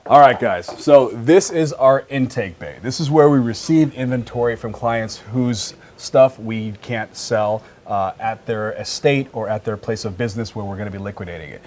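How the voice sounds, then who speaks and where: A man's voice: medium pitch, moderate pace, few pauses, a little mellow, slight background noise. A man who runs an auction business, giving an upbeat, salesy walking tour of his warehouse. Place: warehouse facility.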